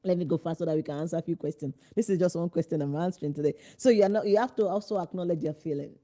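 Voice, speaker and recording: A woman's voice: fairly low pitch, very fast, dark tone. A woman parenting coach giving emphatic, direct advice with rhetorical questions. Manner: acts out parents' and children's lines in changed voices. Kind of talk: instructional talk to parents.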